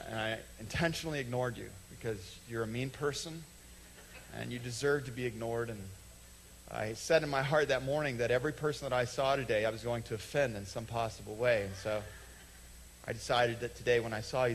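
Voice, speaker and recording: A pastor preaches to his church in a relaxed, conversational way, slipping into little quoted back-and-forths and then slowing right down to land a point. His voice sits in an ordinary middle pitch for a man. A faint hum runs under the stage microphone. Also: poor audio. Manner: conversational, acts out little quoted dialogues, slows for emphasis. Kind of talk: sermon. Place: church sanctuary.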